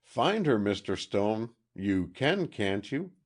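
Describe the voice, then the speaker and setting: A man's voice: lowish voice, sing-song, takes it slowly, pitched above the performer's own voice, exaggerated voice. A man voicing a frantic young fiancé. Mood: distraught. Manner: pleading, urgent.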